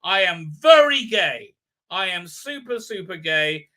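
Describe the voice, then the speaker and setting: A man voicing a flamboyant, campy male king in a drawn-out parody. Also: high-pitched, big pitch swings, sharp tone, exaggerated voice. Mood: mocking.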